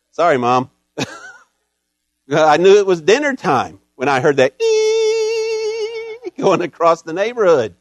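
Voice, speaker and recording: A middle-aged man preaches in a folksy, storytelling manner, mixing humor into his sermon. His voice sits a little higher than most men's. The sound is dry and close, with no room echo. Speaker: pastor. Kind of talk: Mother's Day sermon.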